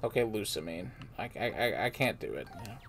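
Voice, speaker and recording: A woman's voice: rumbling low, lively intonation, brisk, creaky. A woman playing through a game and commenting, rambling with self-deprecating muttered asides. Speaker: let's player.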